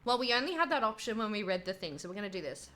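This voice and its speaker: A young woman streams a video game, reading its lines aloud and adding playful asides. Her voice sits at a middle pitch, casual and chatty. A faint hum runs under her talk. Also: very animated, very fast, fairly bright tone. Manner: playful, reads game text aloud with quips. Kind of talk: casual game playthrough commentary.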